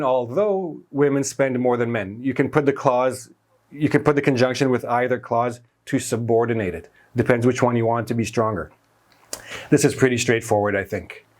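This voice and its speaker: Man, grammar teacher, whiteboard lesson, middle pitch, explains step by step, stresses key words, self-corrects.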